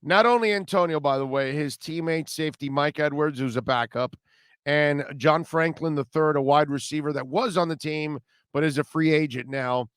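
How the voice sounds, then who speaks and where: A man's voice: fairly high pitch, normal speed, a bit bright, clear, resonant tone, no echo, clean studio sound. A man hosting sports talk radio, blunt and rambling, with sarcastic asides.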